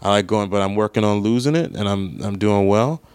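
A man's voice: on the low side, fairly quick, darkish tone, clean tone, no echo. A young man, an actor, telling a rambling story in a casual monologue, voice jumping up when he retells arguments.

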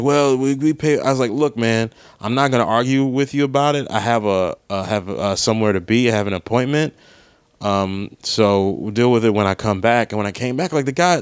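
A man's voice: lowish voice, clear, resonant tone, dry recording. A young man, an actor, telling a rambling story in a casual monologue, voice jumping up when he retells arguments.

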